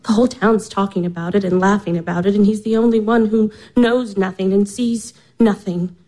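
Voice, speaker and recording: A woman's voice: medium pitch, steady tone, fairly quick, dark tone, natural voice. An actress playing a despairing young woman of about twenty-four, anguished and tearful, slipping into whispers. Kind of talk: stage drama acting.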